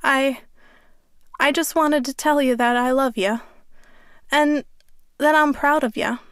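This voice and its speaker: A woman voicing a frail elderly grandfather who talks slowly and in a muffled way while crying. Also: extremely high pitch, fairly even intonation, fairly bright tone, dry recording, studio quality, full character voice. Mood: tearful. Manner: slow, muffled speech.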